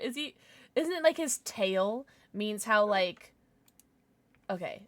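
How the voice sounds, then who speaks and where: A woman streaming a game live, chatting with her viewers in an excitable, gushing way with frequent squeals. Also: sits high, moderate pace, no room sound.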